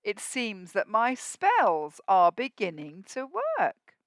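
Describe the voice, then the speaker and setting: A woman's voice: mid-range voice, wildly swooping pitch, slow, no room sound, studio quality. A woman reading a picture book aloud, voicing a sly, mischievous male farm cat in a smug, scheming manner.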